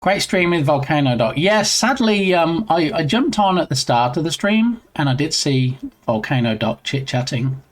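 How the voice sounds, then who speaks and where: A man's voice: a little high, lively intonation, normal speed, hardly any pauses. A man streaming live while he works on his game, chatting casually and answering viewers in a self-deprecating way.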